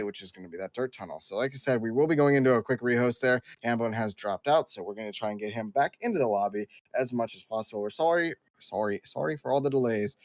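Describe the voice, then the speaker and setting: A man's voice: medium pitch, no room sound. Man casting an esports match live. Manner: talkative, quick asides, apologetic host patter. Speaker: esports caster. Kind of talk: live play-by-play commentary.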